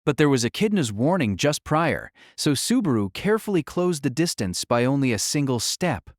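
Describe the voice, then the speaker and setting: Dramatic and expressive, a man reads an audiobook aloud in a mid-range voice at normal speed. The recording is dry and the studio sound clean.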